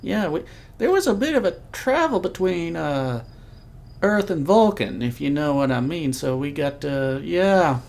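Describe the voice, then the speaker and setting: Rambling let's-play host with vocal fry. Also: mid-range voice, sing-song, measured pace, a little mellow. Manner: rambling, chatty, self-deprecating. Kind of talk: casual gameplay commentary.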